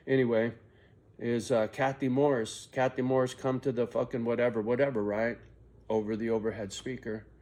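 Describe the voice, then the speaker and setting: A man's voice: lowish voice, darkish tone. A middle-aged man confiding a rambling, profane personal story to his viewers. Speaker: vlogger.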